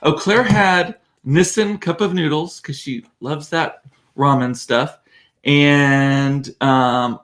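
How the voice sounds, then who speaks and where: A man's voice: mid-range voice, vocal fry. Middle-aged man, host, rambling self-amused chat. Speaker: show host. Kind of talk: casual chat. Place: warm room with door closed.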